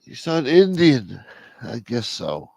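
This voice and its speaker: A man's voice: medium pitch, wildly swooping pitch, takes it slowly, gravelly, a little mellow, dry recording. A man hosting a late-night livestream, brash and profane as he talks straight to his chat at home. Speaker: livestream host. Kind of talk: casual chat. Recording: dull lo-fi stream audio.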